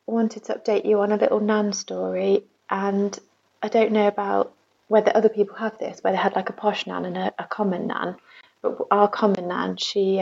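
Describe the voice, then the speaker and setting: English woman leaving a chatty voicemail, raspy creaky voice, muffled lo-fi sound. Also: medium pitch, mellow. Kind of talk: casual voice message. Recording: dull lo-fi phone message.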